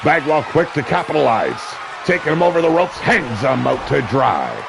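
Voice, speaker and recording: A man calling a wrestling match play-by-play, brash and crude, with sudden shouted bursts of excitement. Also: on the high side, normal speed, creaky, background noise. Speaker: wrestling commentator. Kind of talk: play-by-play commentary. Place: seated at a ringside commentary table.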